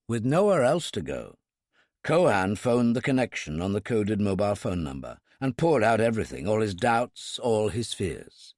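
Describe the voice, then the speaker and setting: Male thriller narrator, measured, lively pitch, dry close mic. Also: no echo. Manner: measured storytelling. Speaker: audiobook narrator. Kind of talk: scripted audiobook narration.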